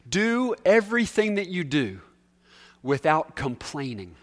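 A man preaching a sermon, emphatic, repeating key words and swinging between loud and soft. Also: fairly high pitch, lively intonation, normal speed. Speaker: pastor.

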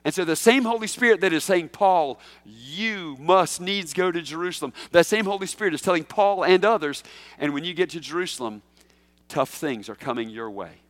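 A man preaching as senior pastor, his voice sitting a little high for a man. He moves between slow, emphatic phrases and quick asides, breaking into loud, high bursts as he voices a quoted figure. The recording is dry and close, with no room sound. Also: no echo. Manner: preaching with sudden loud, high bursts when voicing Paul. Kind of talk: sermon.

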